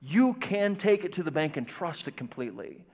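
A fairly high-voiced man preaches a lively sermon, questioning his listeners and slipping into mock voices of confused doubters. The church recording sounds dull and muffled. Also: moderate pace, big-room sound. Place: church sanctuary.

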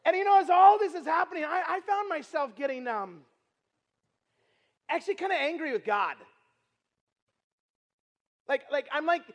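A man preaching a sermon as a traveling evangelist, telling a personal story in a conversational, animated way with filler words and loud emphatic moments. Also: extremely high pitch, moderate pace, pauses often. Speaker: itinerant preacher. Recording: long reverb from a large hall.

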